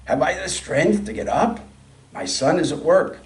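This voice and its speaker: A man's voice: a little high, lively intonation, normal speed, darkish tone, reverberant, far from the mic, voice pushed up, lightly acted. A man doing a frail, frightened old widow. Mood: complaining. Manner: plaintive and complaining.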